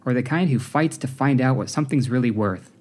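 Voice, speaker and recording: A man's voice: mid-range voice, fairly quick, darkish tone, natural voice. Man voicing a stern shopkeeper mother. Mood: demanding. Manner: firm and commanding. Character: stern immigrant shop-owning mother, late forties.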